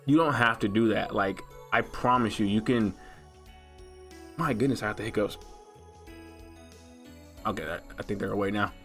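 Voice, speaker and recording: A man's voice: fairly low pitch, normal speed, long pauses, a bit bright, faint music behind. A young man hosting a let's play, rambling in a loose, slangy way with lots of filler as he talks over gameplay. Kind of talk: casual gaming commentary.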